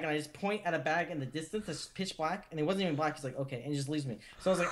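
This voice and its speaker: A man co-hosting a podcast, telling stories in a casual, animated way with lots of swearing. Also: fairly high pitch, background noise. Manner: animated, profane, quick asides. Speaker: podcast co-host. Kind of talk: casual profane storytelling.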